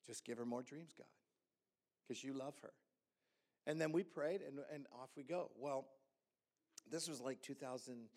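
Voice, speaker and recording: A man, a pastor, telling a story in a sermon and acting out the dialogue with lively energy. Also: medium pitch. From Hamilton.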